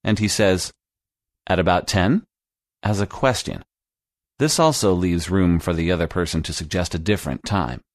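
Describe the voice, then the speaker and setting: A man narrating a scripted English lesson podcast in a slow, clear teaching manner. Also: low voice, no room sound, studio quality.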